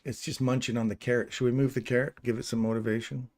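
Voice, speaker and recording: A middle-aged man from England, host of a live trading channel, goes over the chart casually while thinking aloud and kidding around with his chat. His mid-range voice is a little mellow, moves quickly, and stays fairly flat in pitch.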